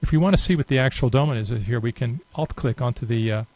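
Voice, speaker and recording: A man giving a relaxed, unscripted screen-recorded software tutorial, thinking aloud with many fillers. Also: mid-range voice, quick pace, no room sound, poor audio. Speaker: software demonstrator.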